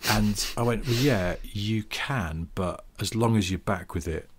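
A man's voice: fairly low pitch, measured pace, slight background noise. A middle-aged man co-hosting a podcast, telling anecdotes in casual chat with the odd swear. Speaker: podcast co-host.

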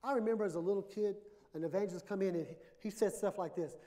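Guy preaching, high-pitched voice, emphatic, long echo in the church. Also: fast, mellow. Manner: emphatic, builds to stretched-out declarations. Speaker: pastor. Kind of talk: sermon. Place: church sanctuary. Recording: reverberant church hall.

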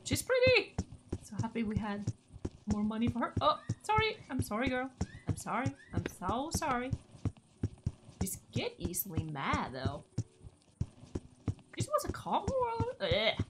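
Gushing woman gamer, lively high voice. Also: a little slow, pauses often, background noise. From Norway. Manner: gushing and chatty, talks to her horse. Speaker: gaming channel host. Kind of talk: casual gameplay commentary.

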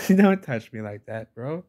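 A man's voice: medium pitch, animated, slow, a little mellow, pitched above the performer's own voice. A man voicing a cocky, menacing male shark that taunts swimmers with a boastful, laughing tone. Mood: taunting.

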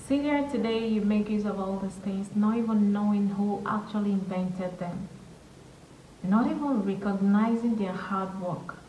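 A woman hosting a reaction video, exclaiming with excitement and earnest emotion as she watches. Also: mid-range voice, far from the mic, slight background noise. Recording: echoey room, voice a bit off-mic, faint music.

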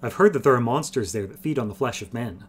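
A man voicing a polite, earnest young male noble who speaks quickly. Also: mid-range voice, animated, slight background noise, close to an everyday voice.

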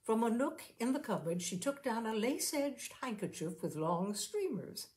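A woman reading a short story aloud as host of her own show, unhurried and expressive. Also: on the high side. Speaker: story reader and podcast host. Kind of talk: scripted narration of a short story.

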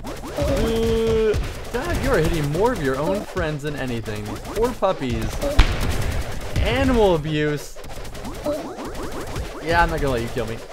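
A man giving lively let's-play commentary, taunting game enemies and joking as he fights. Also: fairly high pitch, a little slow, long pauses, over music. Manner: excitable, taunting enemies aloud. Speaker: gaming channel host.

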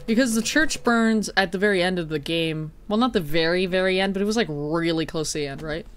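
A woman's voice: fairly low pitch, fairly quick, a little hiss or hum. A woman streaming a horror game in casual chat, jokey and swearing, breaking into mock-dramatic wailing.

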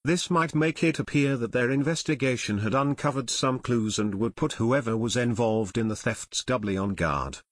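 A man reads an audiobook with steady, even delivery. His voice sits at an ordinary middle pitch. The recording is close and dry, with no room sound. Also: normal speed, hardly any pauses, dry recording. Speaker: audiobook narrator. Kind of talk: scripted narration.

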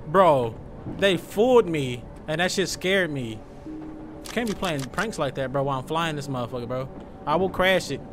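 A young man giving joking, loud let's-play commentary, full of slang as he reacts to the game. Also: on the high side, big pitch swings, unhurried, long pauses, faint music behind. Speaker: gaming streamer.

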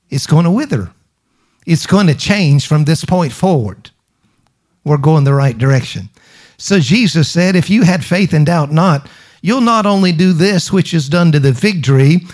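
Emphatic preacher with a higher voice. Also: male voice, darkish tone. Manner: emphatic preaching with call-and-response to the congregation; rhetorical questions and repetition. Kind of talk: sermon.

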